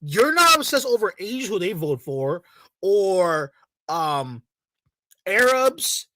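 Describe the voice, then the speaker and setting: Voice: medium pitch, big pitch swings, slow, pushed and bright, a little hiss or hum. A video creator ranting in a heated, profane way, repeating points over and over. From Latino community in the United States. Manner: angry, profane, repetitive rant.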